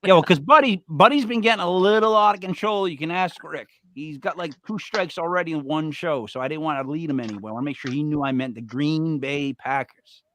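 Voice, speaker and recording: A man with a New York Italian accent, co-hosting a casual chat with animated, joking talk. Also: a little high, fairly quick, hardly any pauses. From Rhode Island. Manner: animated, talks over others, joking. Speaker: co-host.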